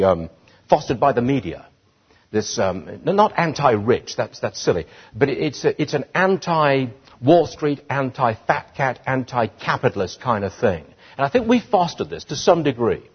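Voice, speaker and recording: Animated British man giving a speech. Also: mid-range voice, slightly rough. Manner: animated, rising to indignant emphasis. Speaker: speaker addressing an audience. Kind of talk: public speech. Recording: dull lo-fi sound.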